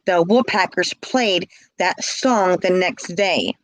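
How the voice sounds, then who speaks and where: A woman's voice: fairly low pitch, takes it slowly, no room sound, poor audio. A woman telling her own story in casual speech, blunt and emphatic, often repeating words.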